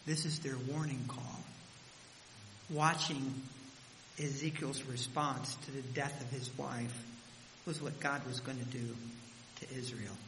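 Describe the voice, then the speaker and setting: Male preacher, dramatic storyteller, bright edge, long hall reverb. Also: mid-range voice, steady tone, takes it slowly, pauses often. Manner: dramatic storytelling, voice rising and dropping. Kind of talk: sermon. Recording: echoey hall with faint hiss.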